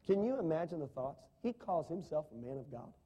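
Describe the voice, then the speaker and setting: A male preacher delivering a sermon, his voice mellow and a touch higher than most men's. He swings between loud emphatic bursts and softer dropped lines, often asking the congregation questions. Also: big pitch swings, brisk, breathy edge, lo-fi sound. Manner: dramatic, rising and falling emphasis, asks the congregation questions. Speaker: pastor.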